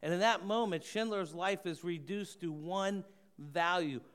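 A man preaching a sermon, earnest, often slowing and dropping to a hushed voice for emphasis. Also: high-pitched, smooth. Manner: earnest, slows and softens for emphasis. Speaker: pastor.

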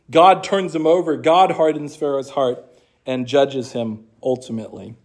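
A man teaching an apologetics class, explaining scripture in a conversational way and reading passages aloud. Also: fairly high pitch.

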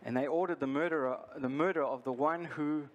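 A male pastor preaching a sermon, earnest and deliberate, repeating his key lines for emphasis. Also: on the high side, muffled recording, slight background noise.

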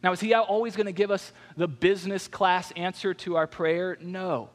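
A man preaching a sermon, telling a personal story in a conversational, animated way. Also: sits high, moderate pace. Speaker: pastor. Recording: long hall reverb.

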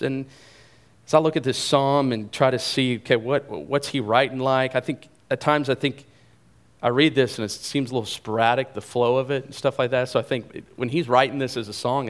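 A man preaching a sermon in a conversational, animated way, often repeating phrases for emphasis. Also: medium pitch. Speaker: pastor.

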